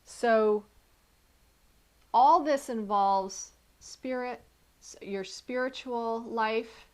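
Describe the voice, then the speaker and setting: An inner life coach gives a motivational video talk in a slightly high, somewhat mellow voice with drawn-out words. Earnest and encouraging, she addresses the viewer directly, occasionally pausing to correct herself while writing her points down.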